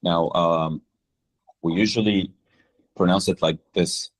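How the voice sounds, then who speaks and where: A man co-hosting an English lesson in a live online session, lively and casual, asking the audience questions. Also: low-pitched, slow pace. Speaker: English teacher.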